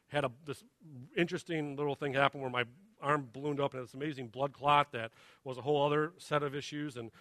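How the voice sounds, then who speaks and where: Male pastor, 30s, sermon delivery; bright, slightly high voice, dry close mic, conversational with emphatic build. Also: no room sound. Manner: conversational, halting with restarts, rising to emphatic questions. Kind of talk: sermon with personal story.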